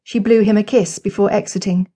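A woman narrating a romantic historical audiobook in measured, gentle scripted narration. Her voice is warm and mellow, sitting at an ordinary middle pitch. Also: fairly even intonation, husky.

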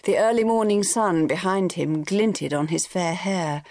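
Low-voiced woman reading an audiobook. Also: unhurried, darkish tone, no echo, studio quality. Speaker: audiobook narrator. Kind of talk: scripted audiobook narration.

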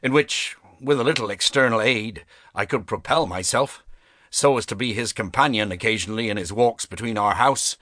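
A man reading an unabridged classic novel aloud as narrator, in a measured, expressive storytelling manner. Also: on the low side, no echo. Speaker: audiobook narrator. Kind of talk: scripted audiobook narration. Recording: dry close studio sound.

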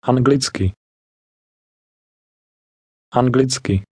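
A man's voice: mid-range voice, extremely slow, warm tone, breathy edge, dry recording, clean studio sound. A man serving as the native model speaker in a language lesson, carefully pronouncing words and breaking them into syllables. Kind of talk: slow pronunciation drills.

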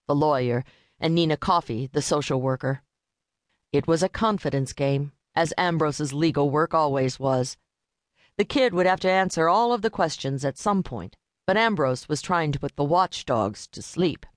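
A woman's voice: low-pitched, dry recording. Woman reading an audiobook, dry and close. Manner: measured, steady reading. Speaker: audiobook narrator. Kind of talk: scripted narration.

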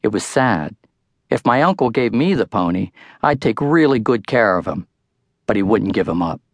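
A man's voice: on the low side, very animated, normal speed, no room sound. An older man narrating his own book in a wry first-person storytelling manner, close to the mic. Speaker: author-narrator. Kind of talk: audiobook narration.

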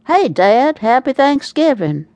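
A woman voicing a frazzled, wisecracking grown man who talks in an excitable, quick-witted way in an audiobook. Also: sits high, dry recording, highs cut off, pitched above the performer's own voice, heavily acted.

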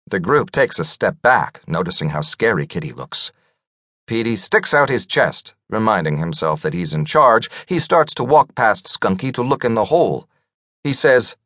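A man's voice: lowish voice, sing-song, normal speed, a bit bright, no room sound, clean studio sound. A man narrating a comic audiobook in a playful, storytelling manner.

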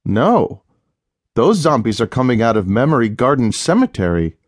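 A man voicing an anxious young woman watching TV news, speaking higher and with rising alarm. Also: very animated, moderate pace, dry recording, clean studio sound.

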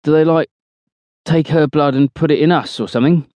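A man's voice: fairly high pitch, steady tone, brisk, darkish tone, no echo, pitched above the performer's own voice, lightly acted. A man voicing a chatty, teasing young male soldier who keeps pressing with questions. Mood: curious. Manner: persistent, playfully mocking.

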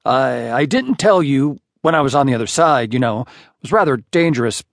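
A man doing a gentle, flustered husband. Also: mid-range voice, animated, creaky, dry recording, studio quality, voice pushed up. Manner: gentle, hurried when caught out. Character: genial middle-aged husband, gentle, then flustered.

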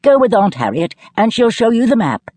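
A woman's voice: a little high, very animated, moderate pace, a little mellow, no room sound, pitched above the performer's own voice. A woman voicing a prim, snobbish middle-aged mother who corrects others with disdain.

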